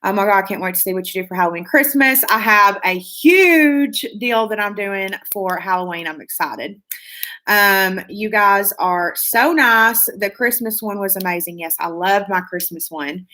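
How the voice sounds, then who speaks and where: A woman's voice: medium pitch, normal speed, pushed and bright. A woman hosting a casual beauty live stream, reading viewer comments aloud in a gushing, chatty way with lots of fillers.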